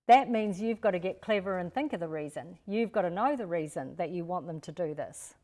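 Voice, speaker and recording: A woman's voice: on the low side, lively intonation, fairly quick, dark tone. An older woman from Australia presenting a parenting seminar, talking straight to parents and acting out what to say to children. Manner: practical, talks directly to parents and acts out what to say to children. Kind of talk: live-streamed parenting seminar talk.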